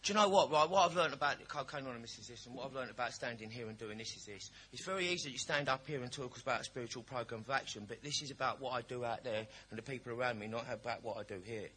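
A man's voice: medium pitch, quick pace, hardly any pauses, bright, forceful tone. A man giving a frank, humorous personal testimony at a recovery meeting. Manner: candid, storytelling, cheeky humour.

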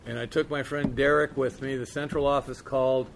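A man's voice: medium pitch, little pitch movement, brisk, vocal fry, a little hiss or hum. A man candidly telling a recovery story in a casual, profane way, peppered with "man" and "you know". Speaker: speaker sharing his recovery story.

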